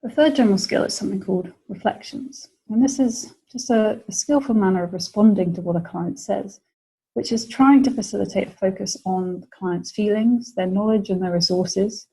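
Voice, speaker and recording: A woman's voice: mid-range voice, normal speed, gravelly, warm tone, husky, poor audio. A British woman presenting a webinar lecture, explaining ideas and acting out example phrases for clients.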